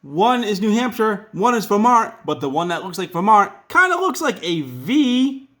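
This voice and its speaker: A man's voice: high-pitched, big pitch swings, moderate pace, sharp tone. A man with a Rhode Island accent teaching a casual classroom lesson, chatty and full of joking asides.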